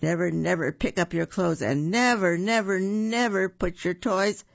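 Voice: medium pitch, unhurried, vocal fry, pitched above the performer's own voice. A storyteller voicing a bossy, lecturing wicked stepmother on a dull recording. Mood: snappish. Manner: snappish and lecturing.

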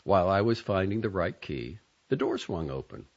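A man narrating an audiobook in a measured, introspective, softly expressive manner. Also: low voice, lo-fi sound.

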